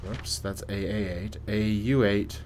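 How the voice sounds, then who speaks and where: A man giving casual, joking commentary while playing a horror game. He reads on-screen text aloud and swings between quiet muttering and loud yelps. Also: fairly low pitch, steady tone, slow pace, a little hiss or hum. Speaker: let's play gamer.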